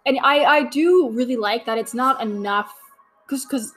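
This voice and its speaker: A young woman hosts a podcast, casually chatting her way through a watch-along commentary while gushing and leaning heavily on fillers. Her voice sits on the high side with a fairly bright tone and a moderate pace, though the audio quality is poor.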